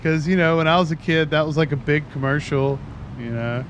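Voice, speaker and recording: A man's voice: a little high, fairly quick. A man in his thirties chatting casually and at length with his viewers while streaming a game. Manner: chatty, rambling, self-described talker. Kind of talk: casual chat while playing. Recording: noisy stream audio.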